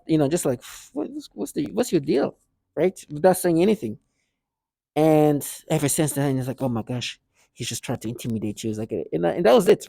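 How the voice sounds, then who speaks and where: A man talking casually to camera in a rambling, halting way, often restarting his sentences and acting out what others said. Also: on the high side, gravelly, warm tone, no echo. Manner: rambling, halting, with many restarts and quoted asides. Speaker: vlogger.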